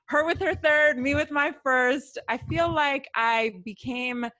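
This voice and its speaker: Woman guest, bright close-miked voice, emotional and sincere. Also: high-pitched, takes it slowly, no room sound. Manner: heartfelt, near tears. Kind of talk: casual group video chat.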